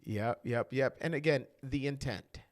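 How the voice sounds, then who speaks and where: A man's voice: medium pitch, a little slow. A man who is a loan expert, a guest in a casual podcast chat, easygoing and joking, with hesitant fillers.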